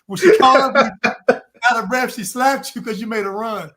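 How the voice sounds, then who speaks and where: High-pitched male podcast host, animated and laughing storyteller on a casual panel. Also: normal speed, crowd noise. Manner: animated joking storytelling, frequent laughs and repeated starts.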